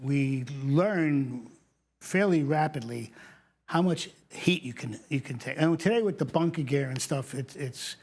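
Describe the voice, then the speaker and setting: A man's voice: medium pitch, a little slow. A man, a retired fire captain telling stories in a casual interview, acting out what people said and laughing often. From New York. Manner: animated storyteller, acts out quoted lines, laughs often.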